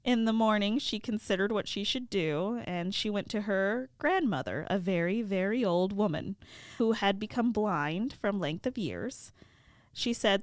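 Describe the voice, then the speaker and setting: A woman podcast co-host retelling a fairy tale casually, with animated, laughing asides. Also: mid-range voice, a little slow, no echo, clean studio sound.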